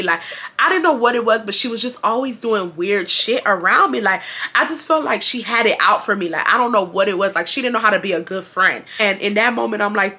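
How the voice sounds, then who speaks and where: Bright-voiced woman telling a story. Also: medium pitch, moderate pace. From Houston, Texas. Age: 20s. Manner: animated, emphatic, repeats herself for effect. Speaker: vlogger. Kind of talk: casual storytime.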